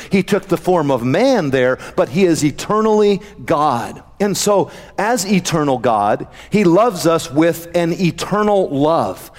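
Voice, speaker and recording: A man preaching a sermon as pastor, slowing down for emphatic scripture quotes. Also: a little high, a little mellow. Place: church sanctuary. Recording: church hall with long reverb.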